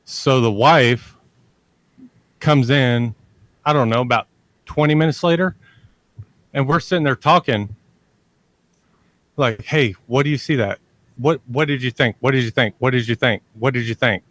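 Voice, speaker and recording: A man spins a long, meandering story as a podcast guest, looping back over his points and dropping the odd curse. He takes his time, drawing out his words at an unhurried pace. The sound is close and dry, with no room around it. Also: mid-range voice, fairly bright tone, no room sound. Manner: rambling, repeats himself and curses freely. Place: lives near a large army base in Texas.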